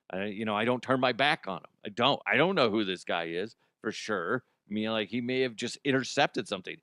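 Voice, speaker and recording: A man hosting a comedy show, telling a story in a profane, animated way, laughing and jumping his voice high for effect. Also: brisk, hardly any pauses, no echo, clean studio sound. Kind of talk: comic storytelling monologue. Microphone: studio microphone.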